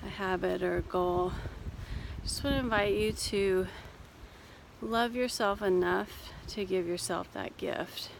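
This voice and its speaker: A woman speaks slowly and gently to her phone camera while walking outside, slightly breathless from the climb. Her voice has a gravelly, fried texture, and faint outdoor noise sits under it. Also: mid-range voice. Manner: gentle, reassuring, unhurried. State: a little out of breath. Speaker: life coach and therapist. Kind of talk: casual vlog while walking. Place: outdoors on a cold hill walk.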